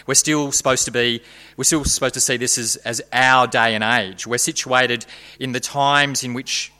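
A man's voice: medium pitch, sharp tone. A man leading a prayer and preaching a sermon, talking through his points with rhetorical questions in a conversational way. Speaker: pastor. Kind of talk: sermon with dramatic reading.

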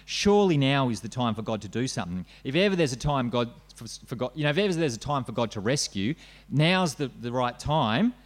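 A man preaching a sermon, earnest and repetitive, reading scripture aloud to his congregation. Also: mid-range voice. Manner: earnest, repeats phrases, reads scripture aloud.

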